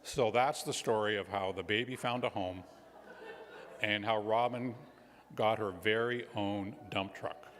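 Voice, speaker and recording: A man, a guest minister, tells a children's story in a church sanctuary with lively, animated delivery and friendly asides. His voice sits low. A long reverb hangs in the hall. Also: a little slow.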